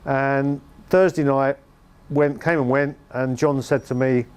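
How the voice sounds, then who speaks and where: A man's voice: mid-range voice, fairly even intonation, slow, smooth. Wry English man telling music-business stories. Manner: wry and dryly humorous. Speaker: former band manager and music promoter. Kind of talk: anecdotal storytelling interview.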